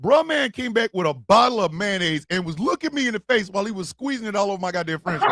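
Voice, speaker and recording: An American man hosting a podcast, joking loudly and laughing through rowdy casual banter. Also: high-pitched, expressive, fast talker, hardly any pauses, heavy background noise. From United States. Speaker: podcast host. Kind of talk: comedic casual chat.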